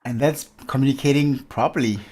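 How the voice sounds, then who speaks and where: A man hosting a casual panel discussion, playful and quick to laugh. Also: mid-range voice, steady tone, a little mellow.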